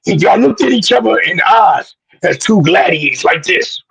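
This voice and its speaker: A man co-hosting a boxing podcast, loud and preachy, full of slang, sometimes shouting. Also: sits high, lively intonation, normal speed, vocal fry, slightly rough, poor audio. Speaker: podcast co-host. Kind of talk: animated boxing talk.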